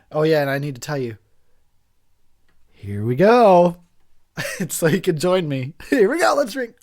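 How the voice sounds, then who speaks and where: Male movie commentator, drunk and high, crude and rambling, constant giggles, slightly high and very lively pitch. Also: moderate pace, pauses often.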